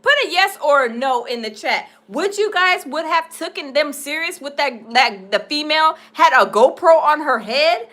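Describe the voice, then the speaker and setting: A woman's voice: high voice, normal speed, hardly any pauses. A woman hosting a casual livestream, reacting to a clip and reading viewer comments aloud with laughter. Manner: laughing, animated, reads chat aloud.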